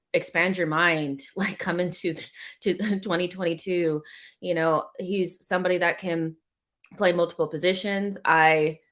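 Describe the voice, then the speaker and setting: A woman co-hosting a football podcast, talking in a relaxed, conversational way. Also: fairly low pitch. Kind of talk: casual football chat.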